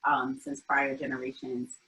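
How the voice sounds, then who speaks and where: A woman from Albany, New York, speaks as an interview guest with a low but bright, forceful voice. She talks frankly and thoughtfully, with many fillers. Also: completely flat delivery, normal speed, poor audio. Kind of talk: casual conversational interview.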